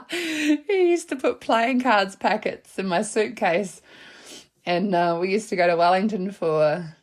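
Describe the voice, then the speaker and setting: A New Zealand woman in her thirties rambles through a casual solo podcast chat. Her voice sits a little low for a woman, and she talks in a frank, slangy way, breaking into laughter often. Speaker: podcast host.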